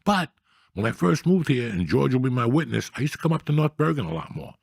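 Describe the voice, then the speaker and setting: A man's voice: medium pitch, very animated, fast, gravelly, husky, no room sound, studio quality. A middle-aged man, telling profane, rambling stories in a blunt, casual chat. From New Jersey. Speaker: storyteller guest.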